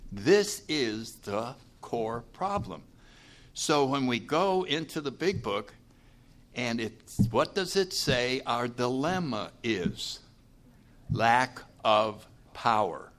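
A man speaking live to a recovery meeting audience, plainspoken and animated, often checking that listeners follow him. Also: medium pitch. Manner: animated, acts out what people say.

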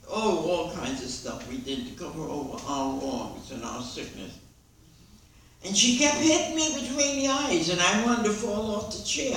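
An older woman giving a lively personal testimony to a meeting, acting out the dialogue as she tells it. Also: mid-range voice, slight background noise. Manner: lively storyteller who acts out dialogue and laughs along. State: hard of hearing. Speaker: recovery meeting speaker. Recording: echoey hall recording from far off.

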